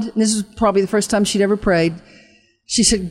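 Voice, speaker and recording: Speaking in a medium pitch, a woman ministry leader gives a tearful testimony and then leads an altar call. Her earnest delivery halts and restarts, following a fervent preaching rhythm that slows down to stress key points.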